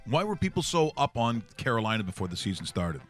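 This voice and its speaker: A man hosting a casual sports talk stream, tossing quick joking questions to his panel. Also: mid-range voice, big pitch swings, fairly bright tone, soft background music. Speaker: host.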